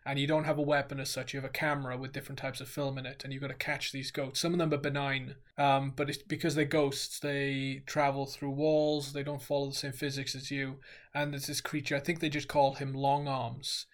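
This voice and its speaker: A man co-hosting a casual podcast, telling animated stories and acting out sounds. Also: mid-range voice, fairly quick. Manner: animated storyteller, acts out sounds. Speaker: podcast co-host. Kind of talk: casual chat.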